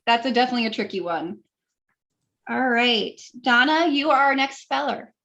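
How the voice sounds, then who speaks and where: A woman hosting a spelling bee on a video call, polite and encouraging, quick to apologize. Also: fairly high pitch, lively intonation, vocal fry, sharp tone, highs cut off. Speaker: spelling bee pronouncer and host. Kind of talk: reading words on a video call.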